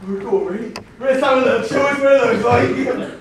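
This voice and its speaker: A man's voice: extremely high pitch, moderate pace, slight background noise. An actor playing a brash young boy who goads and bullies the others. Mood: goading. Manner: goading, brash. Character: boastful, bullying young boy. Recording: echoey stage from far off.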